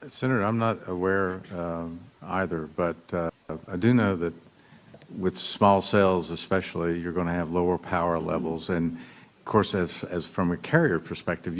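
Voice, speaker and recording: Very deep, flat-voiced man testifying. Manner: halting, technical explanations with restarts. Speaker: industry witness at a hearing. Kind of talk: formal testimony. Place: hearing room.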